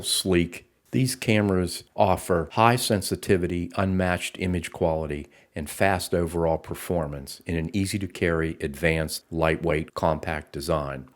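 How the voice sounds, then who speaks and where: Very deep-voiced man explaining camera gear. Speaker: research group presenter. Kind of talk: narrated slideshow tutorial.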